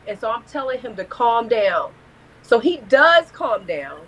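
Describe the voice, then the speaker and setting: A woman's voice: a little high, a little slow, slight background noise, rough recording. A woman, a guest telling a blunt, profane story in a casual live-stream interview. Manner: candid, profane, animated storytelling.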